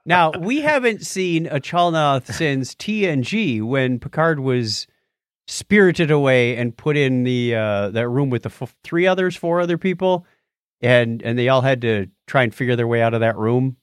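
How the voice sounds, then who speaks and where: A man chatting casually on a podcast, his voice swinging widely in pitch as he recaps scenes. He acts out quoted lines and laughs often. The sound is dry and close. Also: expressive, moderate pace, clear, resonant tone, no room sound. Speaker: podcast host. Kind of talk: casual chat recapping a TV episode.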